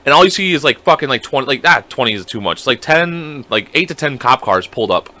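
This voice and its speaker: A man's voice: mid-range voice, lively intonation, fast, bright, forceful tone. A young man co-hosting a podcast in casual chat. He swears freely and acts out other people's voices as he tells his story. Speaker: podcast co-host.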